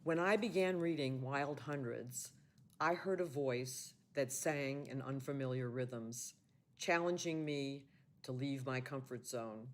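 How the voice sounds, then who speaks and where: A man's voice: medium pitch, slow. A man reading a sincere, prepared congratulatory message to an award winner. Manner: sincere, read from a script.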